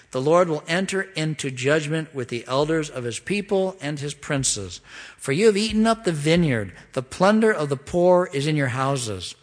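A man preaching an expository sermon as pastor, pleading and emphatic, rising to loud questions and dropping to hushed asides. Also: fairly high pitch, in a large hall.

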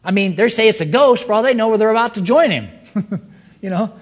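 An animated male preacher whose pitch leaps high and sinks low as he preaches. His voice sits a little high for a man and rings out with a long hall reverb. He swings from loud, excited lines to hushed, slow ones. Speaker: pastor. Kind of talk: sermon.

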